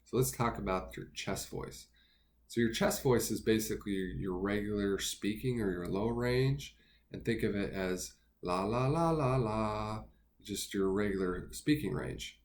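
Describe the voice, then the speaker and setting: A man teaching singing basics in a relaxed, step-by-step way, pausing with fillers between his explanations. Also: on the low side. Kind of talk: instructional talk with sung demos.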